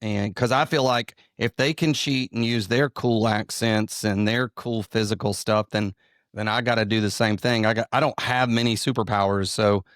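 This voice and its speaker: Here a comedian and pastor from the American South, middle-aged with a Southern US drawl, rambles through self-deprecating stories full of restarts during an interview conversation. He speaks at a normal speed with a steady tone, his voice on the low side and a bit bright. The studio-quality recording has no echo.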